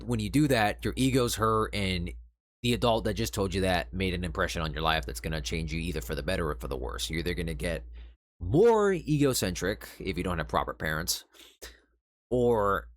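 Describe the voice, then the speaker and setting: A man's voice: low-pitched, a bit bright. A male streamer giving casual commentary on an online argument and reading out the messages. He sounds sarcastic and lecturing, with exasperated sighs.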